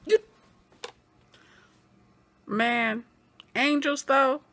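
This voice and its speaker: A woman giving an animated recap of a TV episode, acting out the characters' lines in quoted voices as she goes. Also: high-pitched, very slow. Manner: acts out scenes in quoted voices. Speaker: TV episode reviewer.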